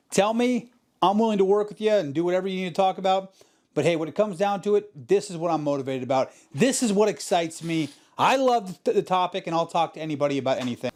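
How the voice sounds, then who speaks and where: A man's voice: a little high, a little mellow. A man hosting a podcast in a motivational monologue, emphatic and profane, driving points home by repeating himself. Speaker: podcast host.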